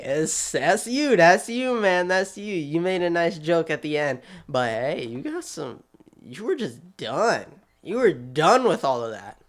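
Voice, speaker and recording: A man hosting his channel, giving quick, chatty, animated commentary with a sassy streak, talking straight at the people he discusses. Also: on the high side. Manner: quick, chatty, restarts often. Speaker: channel host. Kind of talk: casual video commentary.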